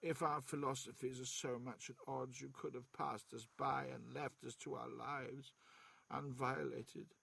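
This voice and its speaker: A man voicing a frail, defiant elderly man, speaking slowly and mournfully. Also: mid-range voice, level tone, creaky, fairly bright tone, husky, full character voice. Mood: bitter.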